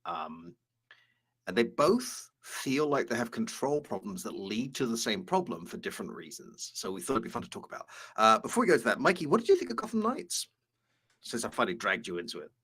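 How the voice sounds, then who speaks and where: A man co-hosts a relaxed chat about game design, talking over a video call. His voice rises and falls a lot, and he slips into quiet asides between his points. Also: mid-range voice, fairly quick, vocal fry, husky. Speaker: co-host.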